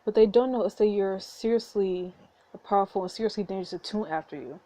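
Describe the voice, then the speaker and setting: A woman's voice: medium pitch, brisk, warm tone, close to an everyday voice, poor audio. A woman voicing a guarded young man, the twin brother, speaking bluntly and warily as she reads a story game aloud. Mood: wary.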